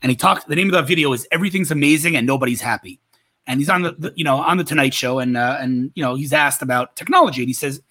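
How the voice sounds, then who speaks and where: Fast-talking bright-voiced man. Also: medium pitch. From Israel. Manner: rapid, animated storytelling. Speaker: guest entrepreneur. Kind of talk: casual interview talk.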